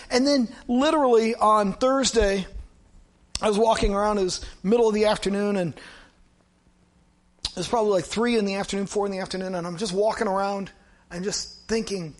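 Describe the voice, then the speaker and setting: A middle-aged man, a pastor, giving a conversational sermon, telling a personal story with animated asides. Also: sits high, normal speed.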